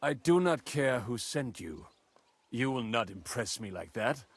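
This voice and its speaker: A man's voice: medium pitch, animated, measured pace, husky, no room sound. Guarded bitter townsman, curt and suspicious, dry studio sound. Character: wary, bitter adult male Jewish townsman. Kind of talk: game dialogue.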